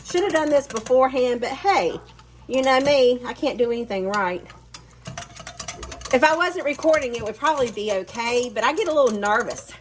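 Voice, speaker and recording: A cooking channel host with a slightly high, expressive voice talks at a moderate pace from her home kitchen. Chatty and self-deprecating, she speaks right to her viewers over clear background noise of pots, pans and a whisk.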